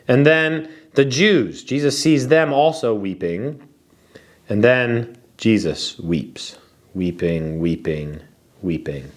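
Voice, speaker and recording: A man giving an earnest expository Bible teaching, reflective, with slow emphatic pauses and some repeated words. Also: mid-range voice.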